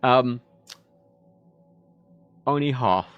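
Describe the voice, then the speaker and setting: A man's voice: medium pitch, very slow, smooth, muffled recording, soft background music. A man streaming casually, rambling and swearing freely and often cutting himself off mid-sentence. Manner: rambling, sweary, self-interrupting. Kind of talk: casual livestream chat.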